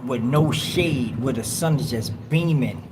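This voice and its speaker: A man's voice: mid-range voice, a little slow, noisy background. A man hosting a livestream, telling a long story in casual street slang and acting out other people's lines. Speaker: livestream host.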